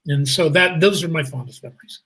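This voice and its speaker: Brief: guest actor, husky, animated anecdote teller. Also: male voice, a little high, brisk, rough recording. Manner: animated, jumps into voices, laughs through stories. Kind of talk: anecdotal storytelling.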